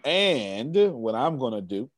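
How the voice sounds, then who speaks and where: A man's voice: mid-range voice, expressive, takes it slowly, a bit bright. A man hosting a group video call, enthusiastic and emphatic, repeating his phrases and laughing often. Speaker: host of a coaching group call.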